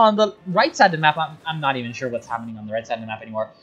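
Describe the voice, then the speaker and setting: A replay commentator walks through a strategy game with a lively, wide-ranging voice. The explaining is patient, but it keeps erupting into exasperated shouts at the players. The recording is dull and lo-fi. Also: medium pitch, rapid-fire, few pauses, slightly rough. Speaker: game caster.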